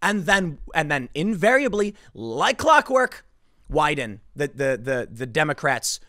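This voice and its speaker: A man's voice: a little high, lively intonation, unhurried, pushed and bright, dry recording, studio quality. A man hosting casual political commentary, emphatic and exasperated in how he talks.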